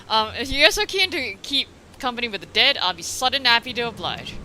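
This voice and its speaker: A woman's voice: medium pitch, bright, forceful tone, slight background noise, rough recording. Woman voicing a sneering pirate marauder. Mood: mocking. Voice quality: rough, old-fashioned pirate slang. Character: gruff swaggering pirate marauder man, taunting. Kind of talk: reading game dialogue aloud.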